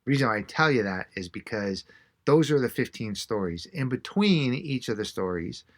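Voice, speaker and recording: A man, an author being interviewed, telling a story in an animated way and acting out the quotes. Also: mid-range voice, normal speed. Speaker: author and guest.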